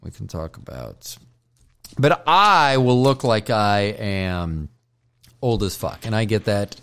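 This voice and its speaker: A low-voiced man hosts his own podcast while high, drifting from joke to joke. He swears freely and keeps apologizing for himself in a loose, self-mocking ramble. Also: very animated, takes it slowly, fairly bright tone, clean tone. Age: older. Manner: profane, joking, self-deprecating. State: stoned. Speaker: podcast host.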